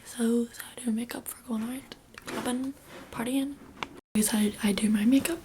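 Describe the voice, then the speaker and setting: A woman's voice: fairly high pitch, steady tone, moderate pace, warm tone, slight background noise. A young woman giving a casual makeup tutorial, chatty and rambling, often dropping into a half-whisper. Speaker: beauty vlogger.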